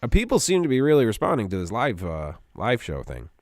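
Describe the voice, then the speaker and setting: Podcast dude cussing and joking around, lively up and down voice, dry close sound. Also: male voice, medium pitch, fairly quick, no echo. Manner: profane, joking banter. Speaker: podcast co-host. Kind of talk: casual chat.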